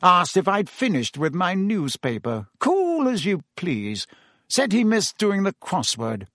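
A man's voice: high-pitched, huge pitch swings, measured pace, a bit bright, no room sound, clean studio sound, voice pushed up, full character voice. A man voicing a pompous, bustling middle-aged male minister who talks in a fussy, self-important way. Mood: earnest.

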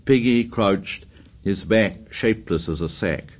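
Brief: lower-pitched male narrator, steady measured reading. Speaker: audiobook narrator. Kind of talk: scripted narration.

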